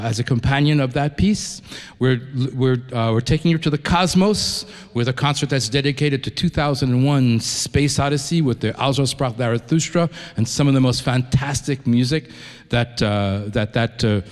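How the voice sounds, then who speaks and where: A man from New York who conducts an orchestra, introducing a concert to the audience in an enthusiastic, conversational way with frequent restarts. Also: mid-range voice. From New York, United States. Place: concert hall. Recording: long concert-hall reverb.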